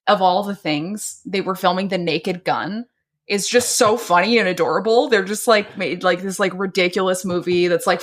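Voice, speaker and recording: A woman co-hosting a podcast, chatting casually in a blunt, gushing way and swearing freely. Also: medium pitch. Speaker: podcast co-host. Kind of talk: casual chat.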